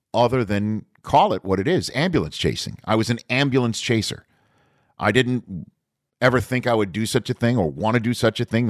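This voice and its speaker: A man in his fifties from Staten Island hosting a podcast, telling a story in a relaxed, rambling way with small restarts. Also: fairly low pitch, dry recording, clean studio sound. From Staten Island, New York. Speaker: podcast host.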